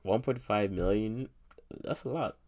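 A man's voice: on the low side, unhurried, a little mellow. A man reviewing a crypto token in casual solo commentary, rambling with slang, repeating himself and laughing.

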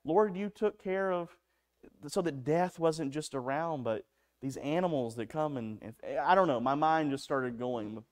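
A man's voice: a little high, a little mellow. A man preaching a sermon in a church, telling stories in an earnest way with frequent restarts. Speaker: pastor. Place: church sanctuary.

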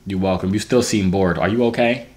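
A man's voice: deep voice, brisk, a little mellow. A man hosting casual video chats, joking around in slangy, teasing banter. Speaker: host. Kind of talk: casual chat.

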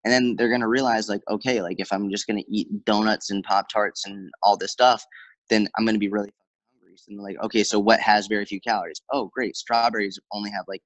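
Guy coaching on diet, lowish voice, dry close sound, quick chatty stories. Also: no room sound, low-quality recording. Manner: fast, animated storyteller with many fillers and quoted dialogue. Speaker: fitness coach, guest. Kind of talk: conversational interview.

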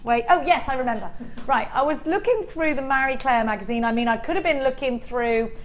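A woman's voice: high voice, fairly quick, slight background noise. A woman presenting on a shopping channel, chatty and upbeat as she sells jewelry live. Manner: chatty, upbeat, bubbly selling. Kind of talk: live TV sales patter.

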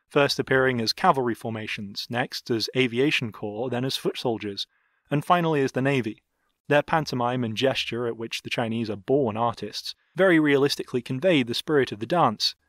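A man reading an audiobook in a measured, even way. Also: medium pitch, no echo, studio quality. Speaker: audiobook narrator. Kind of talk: audiobook narration.

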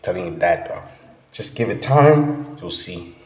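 A man's voice: low-pitched, expressive, measured pace, a little mellow. Slangy, hyped young South African man. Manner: slangy, hyped, peppered with "bruh" and "you feel me". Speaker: music reaction vlogger. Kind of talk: casual reaction chat. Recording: echoey room with long reverb.

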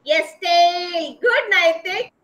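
A woman's voice: very high-pitched, very slow, fairly bright tone, slight background noise. A woman teaching a kindergarten class over a video call. She is patient and repeats and spells out sounds for small children. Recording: roomy echo.

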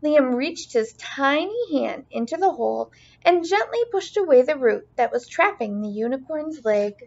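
A woman teacher reading a children's storybook aloud in an expressive, sing-song way. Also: sits high, moderate pace, gravelly. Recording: dull lo-fi recording.

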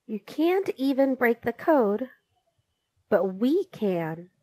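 A sharp, bossy girl who snaps back at the boys, as a woman reader puts her on. Her lines come slowly with a lively pitch. The sound is dry and close. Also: dry recording, exaggerated voice. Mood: snappy. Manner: snappy, demanding.

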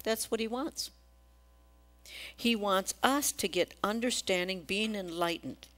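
A woman's voice: mid-range voice, unhurried, fairly bright tone. A woman preaching a sermon in a church, asking the congregation questions and acting out quotes.

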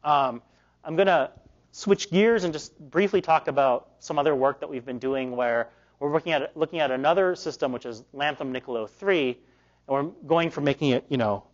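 Hoarse man giving a physics lecture. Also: mid-range voice. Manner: loose, halting delivery with many fillers and restarts. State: losing his voice. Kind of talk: academic research talk. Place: lecture hall. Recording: dull lo-fi lecture recording.

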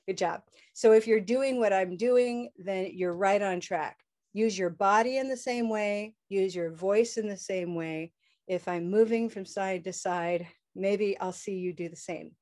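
A woman's voice: mid-range voice, darkish tone. A woman teaching English pronunciation in a live online class, upbeat and leading call-and-response chants over a video call.

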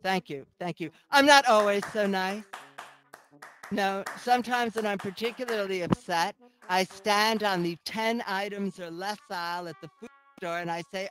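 A woman's voice: medium pitch, moderate pace, fairly bright tone, faint music behind, poor audio. A middle-aged woman performing a teasing, sardonic stand-up comedy set as host. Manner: sardonic, teasing, mock-sweet asides.

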